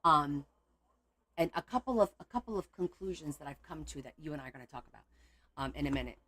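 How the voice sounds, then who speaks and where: A woman's voice: deep voice, lively intonation, fast, a bit bright. A woman hosting a casual crafting video at her home craft table, chatting loosely and breaking into exasperated outbursts. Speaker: crafting channel host.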